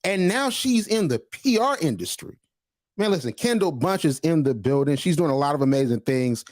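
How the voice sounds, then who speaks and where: A man hosting a casual interview podcast, energetic and slangy, often starting with "listen". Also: on the high side, normal speed, dry recording, studio quality. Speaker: podcast host.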